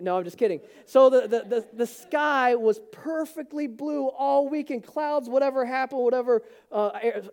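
A man's voice: high-pitched, a little mellow, clear, resonant tone. A man preaching an Easter sermon as pastor, telling Bible stories in a casual, conversational way and acting out the characters' lines. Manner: conversational storytelling with acted-out quotes.

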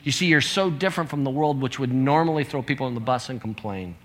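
A man's voice: mid-range voice, fast talker. Earnest man in his fifties preaching. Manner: earnest, conversational preaching, reading scripture aloud. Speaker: pastor. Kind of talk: sermon.

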